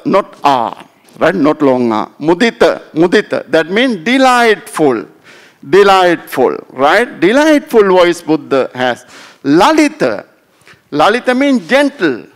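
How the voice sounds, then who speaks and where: A Sri Lankan-accented man in his fifties teaches a Buddhist study class and keeps checking that listeners follow. His voice is fairly high and swings widely in pitch. He speaks in an unhurried way. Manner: explanatory, often checks in with "right?" and "huh?". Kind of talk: Dhamma talk to a class.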